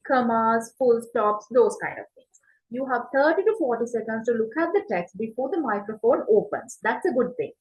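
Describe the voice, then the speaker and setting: A woman's voice: a little high, expressive, normal speed, low-quality recording. A woman teacher giving an exam-prep lesson, explaining step by step, asking and answering her own questions and checking in with "right?" between points. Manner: frequent fillers and checks like "right?". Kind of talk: online class lecture.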